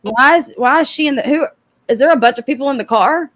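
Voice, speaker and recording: A woman's voice: high-pitched, quick pace, fairly bright tone, slight background noise. Sarcastic woman mocking a live stream. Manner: sarcastic, laughing, swearing. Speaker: commentary streamer.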